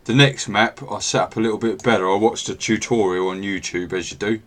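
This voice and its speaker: A man with a fairly low voice narrates a tabletop game as its game master. He speaks over a home computer mic in an unhurried, self-mocking manner, pausing on little fillers. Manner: relaxed, self-deprecating, with filler pauses. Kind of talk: running a tabletop game over a video call.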